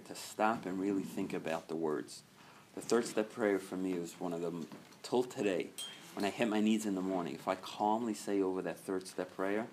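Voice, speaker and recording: A man leading a recovery group meeting, talking earnestly and swinging from soft, quiet stretches to loud, emphatic ones. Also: on the low side, a little hiss or hum.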